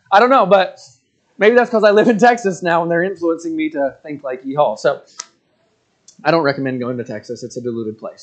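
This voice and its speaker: A man's voice: fairly high pitch, lo-fi sound. A man in his thirties giving a casual, rambling sermon, full of fillers and joking asides. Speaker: pastor.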